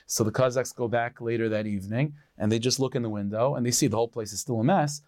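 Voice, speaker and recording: A rabbi telling a traditional story in an animated way, sprinkling in Yiddish and Hebrew words. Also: male voice, mid-range voice, quick pace, few pauses, no room sound, studio quality.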